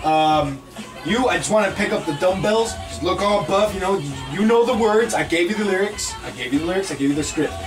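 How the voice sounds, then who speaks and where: A man playing a nervous low-budget film director who stammers and apologizes a lot in an amateur comedy skit. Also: animated, fairly quick, music in the background. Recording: distant mic.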